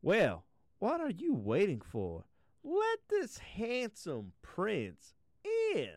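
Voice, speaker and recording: A prim, doting queen mother speaks in a drawn-out, genteel falsetto put on by a man. She sounds dry and close to the mic. It is a bawdy storybook parody. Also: wildly swooping pitch, no echo, full character voice. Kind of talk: comic storytelling with voices.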